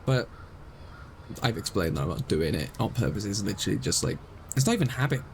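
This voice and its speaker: A man's voice: on the low side, expressive, brisk, creaky, slight background noise, rough recording. A young man streaming a game live, rambling and explaining himself self-consciously as he talks.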